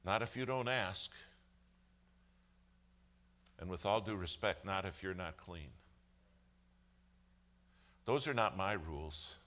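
Forceful low-voiced man telling a story. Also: slow, long pauses. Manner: animated storyteller, acts out quoted voices with humor. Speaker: lawyer giving a testimony. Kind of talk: sermon storytelling.

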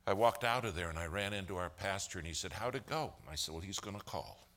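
A man's voice: low voice, quick pace, fairly bright tone. A man telling a long church story as a sermon, acting out the quoted dialogue of the people in it.

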